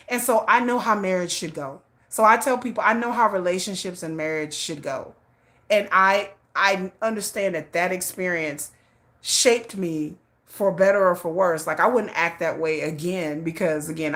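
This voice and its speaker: A woman hosting a livestream shares a candid personal story in a lowish voice. She's blunt and animated, laughing often and cursing.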